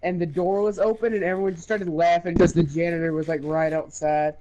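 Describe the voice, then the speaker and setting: A man's voice: a little high, little pitch movement, a little fast, mellow, dull audio. A man casually telling a boastful, profane story, rambling with lots of fillers and laughing as he goes. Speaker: gaming video creator.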